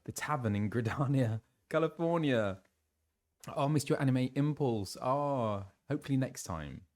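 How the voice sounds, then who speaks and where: A young British man chatting casually on a live stream and greeting viewers, his voice a little low as he recovers from laryngitis. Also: lively intonation, normal speed, a little mellow. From England. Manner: chatty, reads out viewers' messages with laughs and fillers. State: recovering from laryngitis, voice lower than usual.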